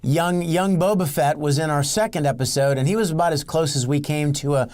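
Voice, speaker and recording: A man talking as a guest in a casual interview, animated and enthusiastic, often repeating his words. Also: on the high side, fairly quick. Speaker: guest, filmmaker.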